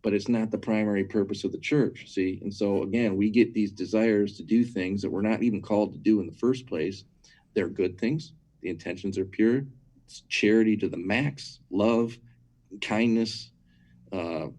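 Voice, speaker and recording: A man with a lowish, warm, mellow voice talks as a guest in a conversational teaching style. He drives his points home emphatically, stacking repeated words, and keeps asking "right?" to his listener. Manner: asks listeners rhetorical questions. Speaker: guest speaker on church matters.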